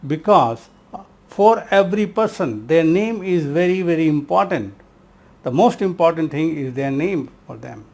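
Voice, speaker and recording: A man's voice: fairly high pitch, lively intonation, a little slow, vocal fry, darkish tone. Emphatic man teaching a self-help lesson. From India. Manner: emphatic, repeats key words; addresses listener as my friend. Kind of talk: spoken lesson.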